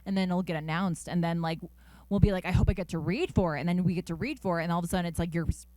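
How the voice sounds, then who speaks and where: Upbeat young woman, dry close mic, animated interview guest. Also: lowish voice, very fast, dry recording. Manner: animated, upbeat, lots of fillers. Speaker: voice actor guest. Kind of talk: casual interview chat. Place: convention interview.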